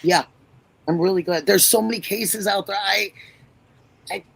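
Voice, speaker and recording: A woman hosting a casual livestream over a video call, talking in a chatty, drawn-out storytelling way. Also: mid-range voice, vocal fry, slightly rough, no room sound, low-quality recording. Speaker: livestream host.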